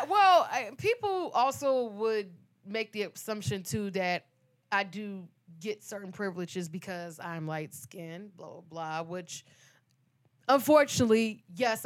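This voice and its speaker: A young woman from Detroit talks in a relaxed, chatty way as a co-host on a podcast. She is animated and teasing with her co-host as she tells her own stories. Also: medium pitch. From Detroit, USA. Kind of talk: casual chat.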